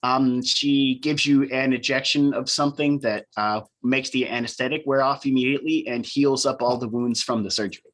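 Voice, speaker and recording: A man's voice: mid-range voice, fairly even intonation, moderate pace, hardly any pauses, a bit bright. A man running a tabletop game as game master, narrating loosely with frequent ums and uhs.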